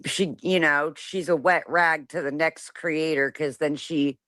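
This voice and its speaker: A woman on a live-stream panel, talking as a soothing peacemaker with soft laughs. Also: low-pitched, fairly even intonation, measured pace.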